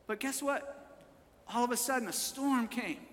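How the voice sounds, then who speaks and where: A male pastor preaching a sermon at a church service, working the crowd with call-and-response, repeated phrases and rising shouts. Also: extremely high pitch, moderate pace, big-room sound.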